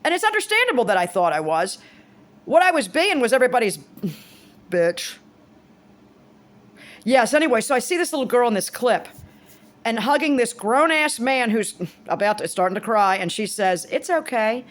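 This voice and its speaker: A woman's voice: on the high side, sing-song, moderate pace, long pauses. A woman in her fifties talking casually to camera, rambling and blunt, swearing freely and restarting her sentences. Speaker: vlogger.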